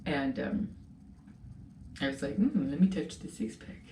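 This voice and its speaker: A woman hosting a casual video, telling stories in an animated way. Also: sits low, unhurried. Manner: animated storytelling. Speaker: host. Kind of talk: casual chat. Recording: roomy, a bit far from the mic, faint noise.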